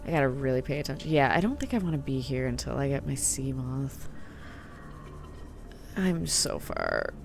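Lively-voiced woman narrating her gameplay. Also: rumbling low, moderate pace, vocal fry, long pauses, noisy background. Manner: chatty, reacting aloud with gasps and little whispers. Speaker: gaming video host. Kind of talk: let's-play commentary.

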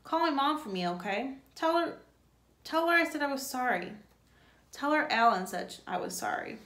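An earnest teenage boy asks for help in a raised, high voice, as a woman reading a storybook puts him on. The echoey room rings around it. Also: very animated, moderate pace, sharp tone, heavily acted. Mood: pleading. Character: eager teenage boy camper pleading.

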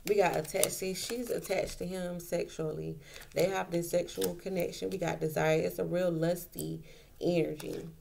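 Low gravelly woman reading tarot. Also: steady tone, moderate pace, a little mellow, a little hiss or hum. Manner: repetitive, emphatic, colloquial. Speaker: tarot reader.

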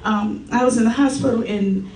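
A middle-aged woman giving a personal testimony at a church service, telling stories in a lively way and acting out the quotes. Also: on the high side, normal speed. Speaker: church member giving a tribute. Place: church sanctuary. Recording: echoey church from far off.

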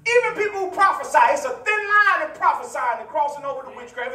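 A male preacher with a high, swooping voice delivers a teaching sermon, teasing and hollering at his congregation. He sounds set back from the mic, and the church rings around him. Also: expressive, fast, pushed and bright. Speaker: pastor. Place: church sanctuary. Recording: echoey church, voice from far off mic.

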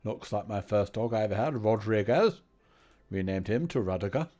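A man playing a pompous, boastful old English gentleman, grumbling through a game. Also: fairly low pitch, expressive, moderate pace. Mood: gruff banter. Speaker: game player. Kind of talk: comedic let's-play banter.

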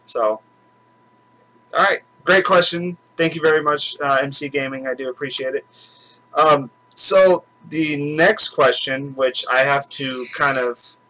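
A man with a bright, forward voice chats casually at home as host of his own channel. He rambles, circling back with fillers and restarts. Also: on the high side, unhurried, rough recording. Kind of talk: casual chat.

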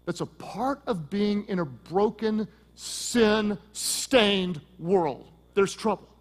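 A man preaching a sermon as pastor, swinging from loud emphasis to hushed intensity and telling stories with quick asides. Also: high voice, big-room sound.

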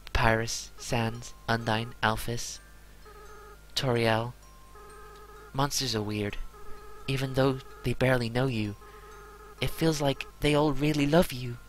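A man's voice: mid-range voice, fairly even intonation, slow pace, long pauses, faint music behind, natural voice, poor audio. A man reading as a remorseful young monster boy. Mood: tender. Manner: soft, earnest, apologetic reading. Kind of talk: reading game dialogue aloud.

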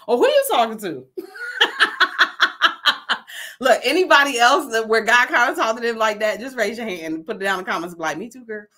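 A middle-aged woman from New Jersey hosts a casual motivational talk. She is folksy and emphatic, asks "okay?" often and laughs a lot. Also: on the high side. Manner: laughs often, lively asides; says her voice carries and commands attention. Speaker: host.

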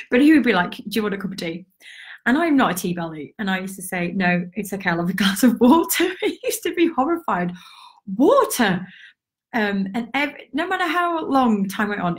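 A woman's voice: mid-range voice, a little mellow. A woman hosting an art community, speaking encouragingly and reflectively to her audience, with many fillers and restarts.

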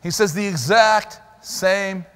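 A man preaching a sermon as pastor, animated and emphatic, in a church sanctuary. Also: high voice, slow, clean tone. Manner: animated, emphatic preaching with sudden loud stresses. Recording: long hall reverb in a church.

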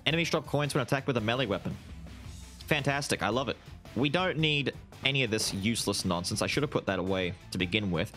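A young man talks through a game run with constant excitement, and his pitch swings widely as he reacts. He throws "dude" into nearly every thought. Soft game music plays faintly underneath. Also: quick pace. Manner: excitable, exclamatory, says "dude" often. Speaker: gaming video host. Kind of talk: excited gameplay commentary.

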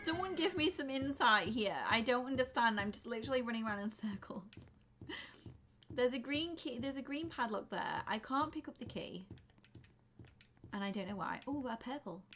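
A young woman giving flustered, excitable commentary while playing a game, often breaking into screams. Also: fairly high pitch, moderate pace, faint music behind. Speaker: gaming YouTuber. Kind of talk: let's play commentary.

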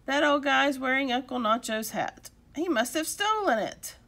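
A woman voicing two excitable young boys in a storybook read-aloud. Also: high-pitched, normal speed, pitched above the performer's own voice, exaggerated voice. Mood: excited.

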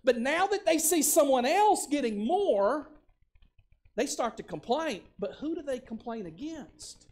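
A man preaching a sermon as pastor, conversational, often repeating words and building up to shouted lines. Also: very high-pitched, lively intonation, measured pace.

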